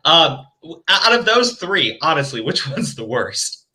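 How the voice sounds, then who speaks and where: Bright, emphatic man hosting. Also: fairly high pitch, very animated, unhurried. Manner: interjecting, emphatic, profane. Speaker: podcast host. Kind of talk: casual chat.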